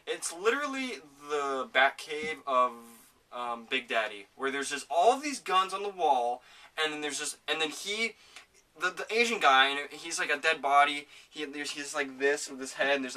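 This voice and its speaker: Bright-voiced swearing young podcaster. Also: male voice, on the high side, normal speed, far from the mic. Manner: rambling and excitable, swears often. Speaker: podcast host. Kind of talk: casual gaming chat. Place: home.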